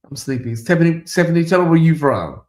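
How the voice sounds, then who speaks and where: A man's voice: a little high, animated, fast talker, darkish tone. A man hosting a casual late-night livestream in a chatty, drawling way, reading viewer comments aloud and talking to the audience as "y'all". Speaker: livestream host.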